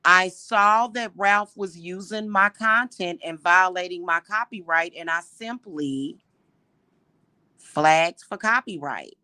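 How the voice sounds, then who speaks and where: A woman hosting a livestream, ranting indignantly at her viewers with exasperated rhetorical questions and slow, emphatic repetition. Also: on the low side, bright, forceful tone, dry recording. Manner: repeats points slowly and emphatically. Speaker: livestream host.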